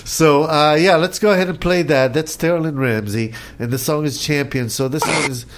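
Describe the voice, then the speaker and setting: A man hosting a casual interview, relaxed and easygoing. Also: on the high side, moderate pace. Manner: relaxed, easygoing, lively intonation. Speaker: host.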